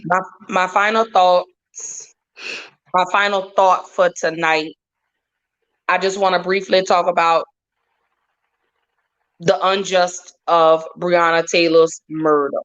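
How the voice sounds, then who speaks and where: A woman's voice: fairly low pitch, steady tone, slow pace, pauses often, fairly bright tone. A woman talking as a podcast guest, heartfelt and emphatic, repeating her points for weight. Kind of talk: casual podcast talk. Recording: dull lo-fi audio.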